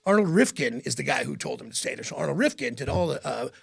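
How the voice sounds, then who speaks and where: A middle-aged man whose voice is deeply gravelly and rough. He tells long, rambling stories in a relaxed interview and often breaks into laughter. His pitch sits a little higher than most men's. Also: fast. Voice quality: gravelly, raspy. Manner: rambling, animated anecdotes with frequent laughs. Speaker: radio host as guest. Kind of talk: casual interview storytelling.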